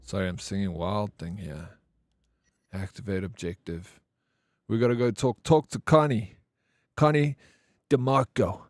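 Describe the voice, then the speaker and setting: A man's voice: lowish voice, fairly even intonation, measured pace, pauses often, no room sound. A man chatting casually with his chat during a live game stream, rambling and calling viewers by name.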